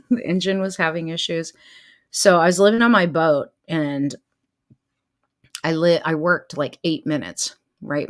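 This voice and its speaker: Animated middle-aged woman telling stories. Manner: animated, laughs often, swings pitch to act out what people said. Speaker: life coach and show host. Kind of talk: casual storytelling to viewers.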